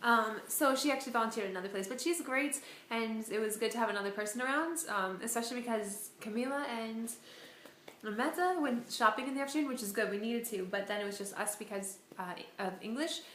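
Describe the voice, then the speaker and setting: A young American woman chats about her day, recorded in an echoey room. Her voice sits a little high, and she tells her stories in an animated, chatty way. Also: a little fast, slight background noise. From United States. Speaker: volunteer. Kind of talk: casual chat.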